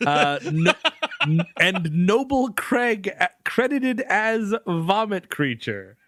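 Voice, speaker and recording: A man's voice: high voice, sing-song, takes it slowly, sharp tone, no room sound. A middle-aged man co-hosting a comedy movie-review podcast, joking in casual chat and laughing often. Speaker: podcast co-host.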